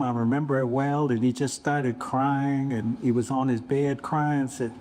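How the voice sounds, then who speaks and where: A man in his seventies, a bishop on a panel, telling a story in an unhurried, reflective way. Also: mid-range voice, steady tone, a little mellow. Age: 70s. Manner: unhurried, reflective, acts out quoted voices.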